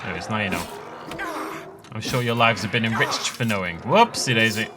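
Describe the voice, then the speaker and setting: A man's voice: fairly low pitch, brisk, very noisy. A young adult man hosting a let's play, chatting casually and rambling off on tangents while he plays. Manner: chatty, rambling asides with laughs. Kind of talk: casual gameplay commentary.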